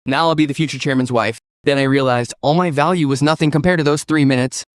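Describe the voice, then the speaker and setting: A man's voice: medium pitch, fairly even intonation, fast, no echo. A man narrating a first-person story recap, reading every character's lines in his own voice.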